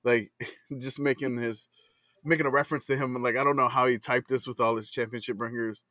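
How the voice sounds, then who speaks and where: A man's voice: medium pitch, little pitch movement, a little fast, pushed and bright, no echo. A man co-hosting a casual sports podcast, talking in a rambling way full of fillers and laughs. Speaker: podcast co-host. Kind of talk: casual chat.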